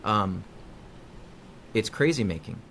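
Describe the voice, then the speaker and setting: A man, a psychologist being interviewed, explaining in a conversational way and acting out quoted dialogue with lively inflection. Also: fairly low pitch, slow pace, slight background noise. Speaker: guest psychologist.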